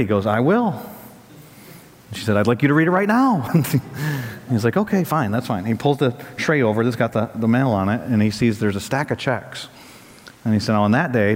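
A man preaches in a large church sanctuary, his voice carrying a long reverb through the hall. He tells stories in an easy, conversational way, then builds to emphatic peaks. His pitch sits in a middle range for a man. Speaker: pastor. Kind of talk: sermon.

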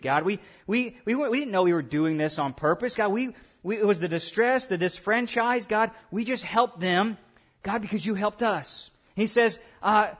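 A man's voice: high voice, lively intonation, moderate pace, fairly bright tone, slightly rough. A man preaching a sermon, acting out voices of God and the believers as he tells the story. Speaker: pastor.

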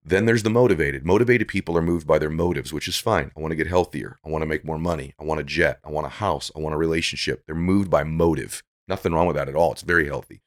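Deep-voiced earnest motivational man. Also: fast talker, hardly any pauses. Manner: earnest, preachy, builds to emphatic peaks. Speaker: podcast guest. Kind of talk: motivational interview talk.

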